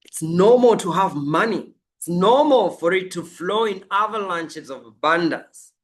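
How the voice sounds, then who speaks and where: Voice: mid-range voice, expressive, a little slow. A life coach giving a motivational coaching talk, emphatic and repeating affirmations over and over.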